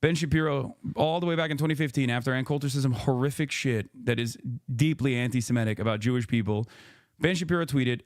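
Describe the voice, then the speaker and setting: A man's voice: mid-range voice, fast, no echo, clean studio sound. A man in a played clip giving argumentative political commentary, lecturing his listeners.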